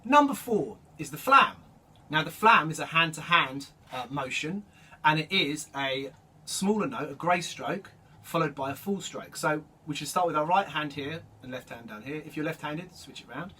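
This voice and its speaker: A man teaching drum rudiments, explaining each stroke in a relaxed way and calling out the stickings as he plays. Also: on the high side, normal speed. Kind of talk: instructional demonstration. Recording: distant mic with loud drum noise.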